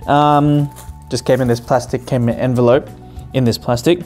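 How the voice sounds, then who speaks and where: Tech-channel host, male, mid pitch; easygoing, enthusiastic unboxing chatter with frequent fillers and self-corrections. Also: faint music behind. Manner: excited, chatty, often pauses with um and self-corrections. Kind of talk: casual unboxing narration.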